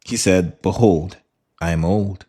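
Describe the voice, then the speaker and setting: A man co-hosting a podcast, reading a Bible passage aloud in a measured way, then chatting about it with lively asides. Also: low voice, breathy edge. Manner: measured scripture reading, then animated chat. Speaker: podcast co-host. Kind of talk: Bible reading and casual discussion.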